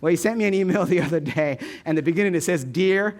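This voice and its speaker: A male pastor with an American Midwest accent, preaching a sermon in a joking, animated storytelling way and asking the room for replies. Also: high-pitched, quick pace. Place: church stage.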